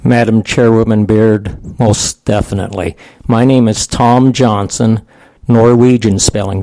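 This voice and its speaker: A man's voice: lowish voice, fairly even intonation, unhurried, warm tone, no room sound. A man in his sixties, a veterans' advocate giving plain-spoken, folksy testimony at a committee hearing.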